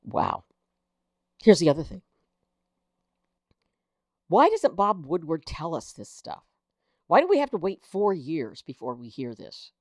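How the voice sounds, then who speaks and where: Host: woman, low-ish voice that swings widely, unhurried, sounds indignant and incredulous. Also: very animated, a little mellow, no echo, studio quality. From United States. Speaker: political commentator, host. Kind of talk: casual political commentary, reading news aloud.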